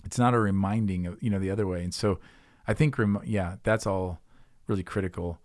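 A man's voice: sits low, fairly even intonation, a little fast, a little mellow, dry recording, studio quality. A man co-hosting a podcast, talking about faith in an earnest, reflective way and telling stories as he goes. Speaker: podcast co-host. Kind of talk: casual faith discussion.

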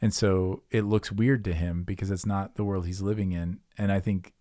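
A man's voice: deep voice, fairly even intonation, moderate pace, dark tone, no echo, studio quality. A man co-hosting a podcast, talking about faith in an earnest, reflective way and telling stories as he goes. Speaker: podcast co-host. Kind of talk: casual faith discussion.

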